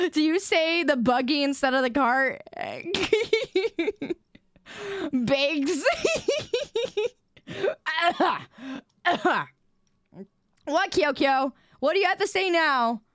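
A woman's voice: high-pitched, animated, drawn-out words, a bit bright. A young adult woman live streamer in casual gaming chat, playfully teasing her viewers.

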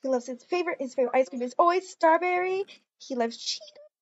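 A woman's voice: very high voice, quick pace, muffled recording. A woman improvising a game role-play, gushing and giddy, with many ums and hesitations.

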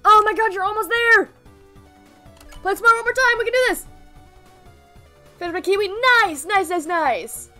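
Woman, live game streamer, bubbly, thanks chat, very high voice, bright, faint music. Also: moderate pace, pauses often. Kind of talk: casual live gameplay streaming.

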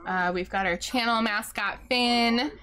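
A woman's voice: on the high side, a little slow, pushed and bright. A young adult woman streaming a game live, giggly and effusive as she thanks her chat.

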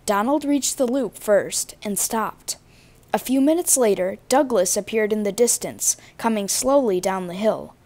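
A woman reading a children's storybook aloud in a clear, even manner. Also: medium pitch, a little slow. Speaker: storybook reader.

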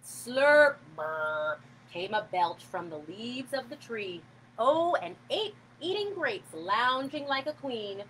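A woman reading a picture book aloud to a child, animated and expressive, with sound effects. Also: sits high, slow pace, a little hiss or hum, low-quality recording.

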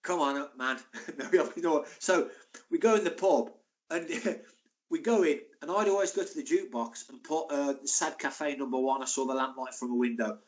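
A man's voice: a little high, moderate pace, highs cut off. Chatty man in his sixties. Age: 60s. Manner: chatty, animated, laughing anecdotes. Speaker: former footballer guest. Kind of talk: casual interview storytelling.

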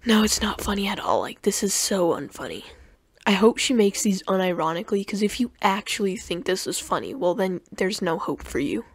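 A woman's voice: mid-range voice, very animated, brisk, slightly rough, dry recording. Young woman, mocking commentary, sarcastic, stammering restarts, dry close mic. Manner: sarcastic, mocking, stumbles over words. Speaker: commentary youtuber.

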